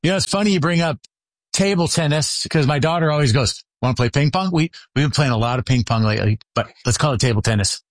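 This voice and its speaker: A man's voice: on the high side, quick pace, dry recording. A man hosting an interview with enthusiasm, introducing his guest and chatting with him. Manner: enthusiastic, upbeat. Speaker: chiropractor, interview host. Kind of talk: conversational interview. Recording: dry close sound.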